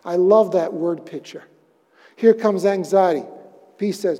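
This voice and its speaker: A man preaching a sermon as pastor, moving from loud emphatic phrases down to hushed, almost whispered words. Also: high-pitched, measured pace, long pauses, big-room sound. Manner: swings between loud emphatic lines and hushed near-whispers.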